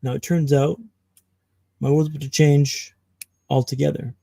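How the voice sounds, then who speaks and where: A man from Canada, a podcast guest, telling his own story with dramatic pauses. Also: fairly high pitch, level tone, gravelly, mellow, no echo, poor audio. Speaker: guest speaker.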